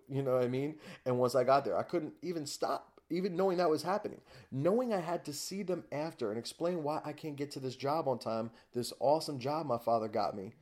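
A man's voice: medium pitch, darkish tone. A man, a podcast guest, telling his personal story in a candid, raw way, often swearing.

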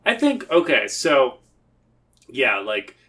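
A speaker in a casual chat, brainstorming a story in a relaxed, hesitant way with many fillers. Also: medium pitch, takes it slowly.

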